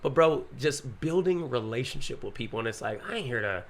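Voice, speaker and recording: A man, a pastor, telling a story in casual podcast chat, animated, acting out the quotes and saying "bro" often. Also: mid-range voice, fairly quick, a crowd in the background.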